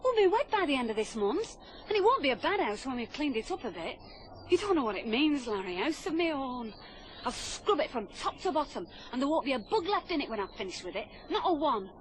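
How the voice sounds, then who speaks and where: A fiery, devoted young working-class woman with a Lancashire accent and an earnest, emotional way of talking. Her high voice ranges very widely. A faint hiss sits behind her. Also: sing-song, a little fast. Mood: hopeful. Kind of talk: stage-style radio drama acting.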